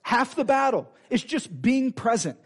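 Man preacher, high voice, fervent and chatty, sermon delivery. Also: big pitch swings. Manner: fervent, conversational preaching with quick asides.

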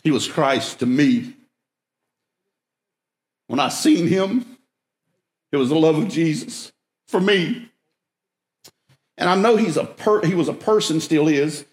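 Man preaching, slow pace, emphatic, echoey room. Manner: emphatic, rises in pitch when stressing a point. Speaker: pastor. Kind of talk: sermon.

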